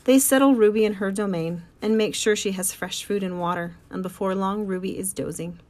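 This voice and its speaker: A woman reading a first-person story aloud in an audiobook. Her telling is calm and unhurried, with a warm sense of wonder. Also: mid-range voice. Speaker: audiobook narrator.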